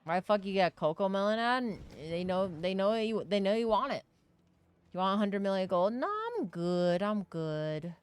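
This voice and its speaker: Lively, joking woman streamer. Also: medium pitch, normal speed, clean tone, dry recording. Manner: casual, joking, profane, talks to herself and chat. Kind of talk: live gaming stream chatter.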